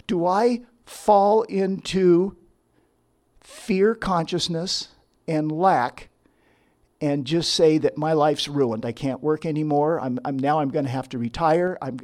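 Telling a personal testimony in storytelling fashion, a middle-aged man who is a licensed professional counselor keeps cutting himself off to restart and acts out the quotes. He speaks unhurriedly in a fairly high, darkish voice.

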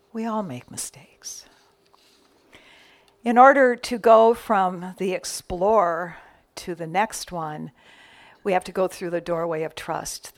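A woman minister giving a sermon, telling stories lively with whispered asides. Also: lowish voice.

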